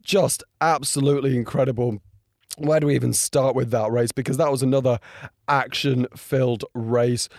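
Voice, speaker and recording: A young man with a hoarse, strained voice, talking through a race in a casual, excitable and rambling way, full of fillers and restarts. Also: medium pitch, normal speed, no room sound, studio quality. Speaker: motorsport video creator. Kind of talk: casual reaction and race breakdown.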